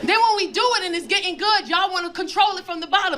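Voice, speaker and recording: High-voiced woman doing loud stand-up. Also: fast, hardly any pauses, very noisy. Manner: loud, animated, profane storytelling. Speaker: stand-up comedian. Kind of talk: stand-up comedy set. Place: comedy stage before a live audience. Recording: live stage with crowd laughter.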